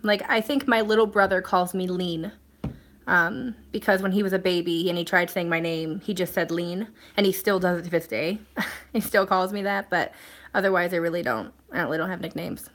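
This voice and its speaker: A woman's voice: on the low side, moderate pace, fairly bright tone. Chatty woman hosting a live stream. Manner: chatty and rambling, many fillers and restarts. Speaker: live stream host reading viewer comments. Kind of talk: casual live-stream chat.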